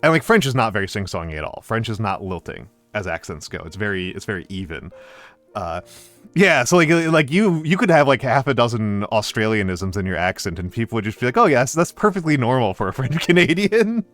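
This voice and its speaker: Man, casual stream chat, lively pitch swings, rambling, faint music behind. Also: brisk. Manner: rambling, lively, many fillers and restarts. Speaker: streamer host.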